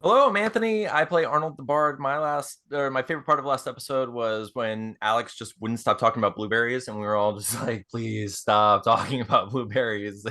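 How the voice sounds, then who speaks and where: A man's voice: mid-range voice, bright, forceful tone. A man playing the bard in a tabletop role-play podcast, telling stories in a rambling way and laughing as he goes. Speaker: player. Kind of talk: casual tabletop podcast chat.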